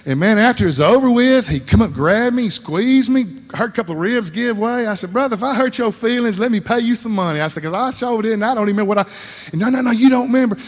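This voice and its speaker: A man's voice: high-pitched, expressive, fast. A man preaching a folksy sermon, rambling and repeating words, laughing at himself and acting out voices in his stories. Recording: long hall reverb.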